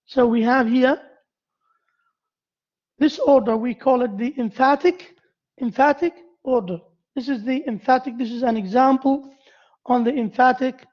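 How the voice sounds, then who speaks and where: Arabic-accented woman teaching a writing class, kinda high voice, lots of pauses and repeats, dull lo-fi sound. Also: a little mellow. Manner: hesitant, repeats key phrases, asks the class questions. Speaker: university lecturer. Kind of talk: classroom lecture on essay writing. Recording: dull lo-fi lecture recording.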